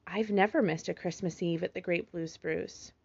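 A woman voicing a gentle mother fox who talks in a calm, soothing, motherly way, in a slightly muffled recording. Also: fairly low pitch, moderate pace, vocal fry, husky.

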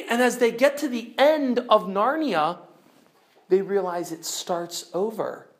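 Retelling a story for her students, a teacher keeps things lively, jumping from bright exclamations to quiet, low-voiced drama.

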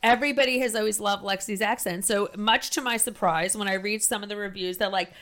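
A middle-aged woman with a strong New Jersey accent hosts a casual podcast chat. She talks loudly and gushes, tripping over her words and restarting sentences as she goes. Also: medium pitch, steady tone, quick pace. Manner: loud, gushing, trails into restarts. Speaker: podcast host.

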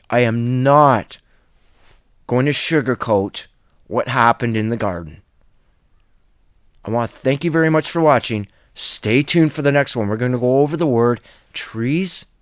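An earnest man preaching in a solo Bible teaching video, insistent and firm in his delivery. His voice sits at an ordinary male pitch. The recording is dry and close, with no room sound. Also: dry recording.

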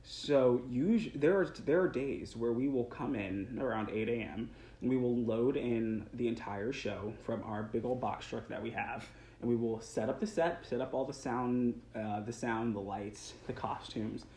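A young stage actor talks at a moderate pace in a medium-pitched, slightly mellow voice. It's a casual interview chat, earnest and a touch rambling, broken by restarts and small laughs, recorded in a roomy space with faint background noise.

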